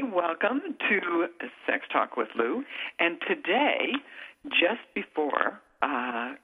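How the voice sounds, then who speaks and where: A woman's voice: sits low, breathy edge. Chatty woman host on a phone line. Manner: chatty, rambling, quick laughs. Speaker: radio show host. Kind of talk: casual radio talk.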